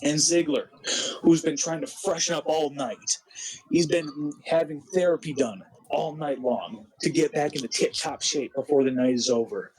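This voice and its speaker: A man narrating a wrestling simulation game with an excited play-by-play recap, animated and full of restarts. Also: a little high, breathy edge, poor audio. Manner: animated, quick, with frequent restarts.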